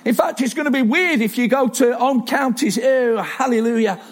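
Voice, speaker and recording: High-voiced preacher. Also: male voice, normal speed. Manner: chatty, self-deprecating, with many restarts and asides. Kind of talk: sermon.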